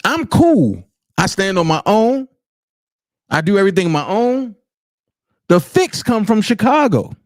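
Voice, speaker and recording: High-voiced guy ranting on his livestream, cussing a lot, dry close sound. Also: very animated, a little slow, long pauses, no echo. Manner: blunt, profane and emphatic. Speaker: livestream commentary host. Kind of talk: unscripted commentary rant.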